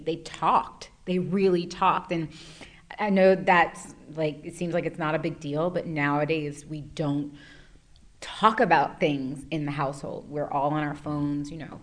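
An actress answering interview questions in a chatty, rambling way with many fillers. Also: female voice, deep voice.

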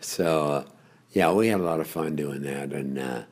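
An older man, a longtime radio host, telling stories in an interview, rambling with chuckles and pauses. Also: rumbling low, darkish tone. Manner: rambling storyteller with frequent uh's and chuckles. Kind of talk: reminiscing interview.

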